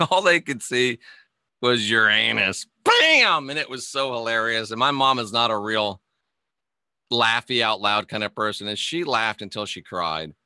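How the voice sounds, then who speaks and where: Man, live-stream host, joking, rambling, bright voice, dry close sound. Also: on the low side, clear, resonant tone, no room sound. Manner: rambling, joking, quick to laugh. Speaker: host of a live online show. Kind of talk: casual live-stream chat, reading viewer comments.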